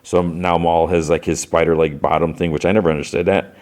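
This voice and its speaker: Very low-voiced man recapping casually. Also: level tone, fairly quick, a little mellow. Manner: rambling retelling, heavy on "he's like" and fillers. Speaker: podcast host.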